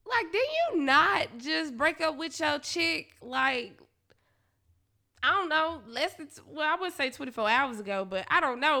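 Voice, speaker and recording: A woman's voice: high voice, animated, a little slow, bright, forceful tone. Tipsy woman ranting at home, swoops way up and down, blunt and cussing. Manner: blunt, profane, laughing often. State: a little tipsy. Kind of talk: casual confessional storytelling. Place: alone at home.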